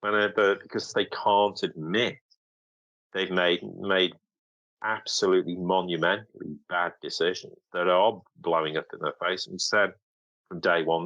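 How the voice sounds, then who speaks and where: A man's voice: low voice, fairly even intonation, moderate pace, bright, forceful tone, dry recording, highs cut off. A man speaking as a guest commentator in a podcast interview, emphatic and sarcastic, often acting out the voices of others.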